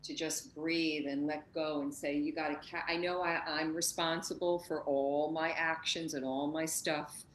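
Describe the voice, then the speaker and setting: A woman's voice: low-pitched, flat delivery, a little slow, hardly any pauses, reverberant, a little hiss or hum, rough recording. A woman hosting a heartfelt spiritual conversation over a video call, speaking emotionally and acting out inner voices. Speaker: host.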